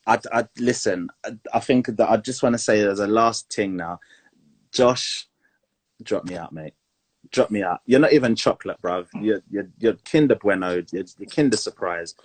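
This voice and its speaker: A man's voice: lowish voice, moderate pace, slightly rough. A man co-hosting a podcast, joking around and stumbling over restarts. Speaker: podcast co-host. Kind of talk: casual chat.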